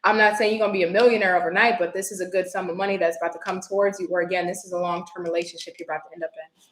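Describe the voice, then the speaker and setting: A woman doing a live-stream tarot reading, chatty and expressive, greeting viewers by name. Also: lowish voice, racing, roomy sound, poor audio. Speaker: tarot reader.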